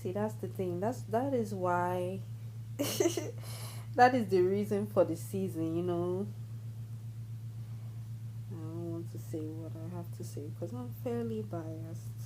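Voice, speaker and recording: A woman in a casual astrology vlog speaks slowly, stumbling over fillers and restarts. Her voice is low and mellow, with faint hiss in the background. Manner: rambling, many fillers and restarts. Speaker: astrology vlogger. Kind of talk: casual talk to camera.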